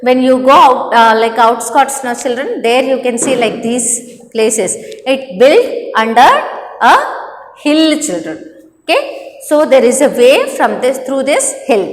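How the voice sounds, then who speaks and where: Brief: woman teacher, high voice, patient classroom drilling, long-reverb room. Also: lively intonation. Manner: slow, instructive, repeats "children" often. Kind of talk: classroom English lesson.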